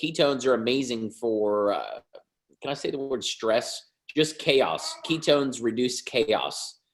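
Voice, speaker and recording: A man in his thirties hosting a video call, giving an upbeat, joking sales pitch. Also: animated, takes it slowly, reverberant.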